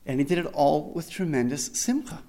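A man's voice: on the high side, fairly quick, mellow. A man earnestly telling a personal tribute story, often restarting and repeating phrases, with many Hebrew religious terms. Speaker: speaker remembering his rabbi.

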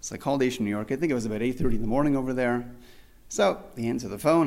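In a medium-pitched, gravelly, somewhat dark voice, a man races through an earnest tribute to his rabbi. Frequent restarts and repeated phrases mark his telling, along with plenty of Hebrew religious terminology.

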